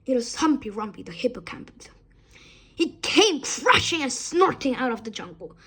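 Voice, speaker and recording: Husky, lively woman reading a story. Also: high-pitched, normal speed. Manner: expressive reading with small slips. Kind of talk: reading a children's story aloud.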